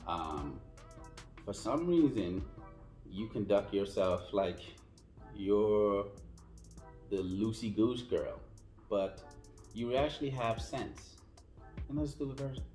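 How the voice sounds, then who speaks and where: A man co-hosting a casual podcast about dating, telling stories in an animated way and acting out both sides of the talk. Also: lowish voice, takes it slowly, long pauses, echoey room, faint music behind. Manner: animated storyteller who mimics both sides. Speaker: podcast co-host.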